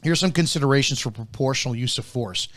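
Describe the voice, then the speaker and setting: A man's voice: medium pitch, fast, fairly bright tone. A man hosting a live policing commentary show, talking bluntly and with emphasis, repeating his key points, swearing now and then and often stumbling into restarts.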